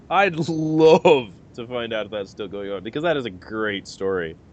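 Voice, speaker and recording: A man co-hosting a casual podcast, tossing in quick reactions and teasing questions. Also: medium pitch, lively intonation, darkish tone, dull audio. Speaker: podcast co-host. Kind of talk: casual chat.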